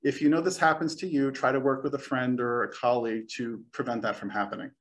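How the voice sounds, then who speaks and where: Young guy talking people through presenting, chill and reassuring, medium pitch. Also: fairly even intonation, quick pace. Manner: friendly, reassuring, occasionally self-deprecating. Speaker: speaker giving a talk on presenting. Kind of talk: recorded talk.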